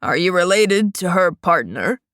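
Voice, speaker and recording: A woman's voice: on the low side, lively intonation, a little slow, a bit bright, no room sound, studio quality, voice pushed down. A woman voicing a creepy old grandfather with a wheezing, rattly voice and a wheedling, grumbling manner.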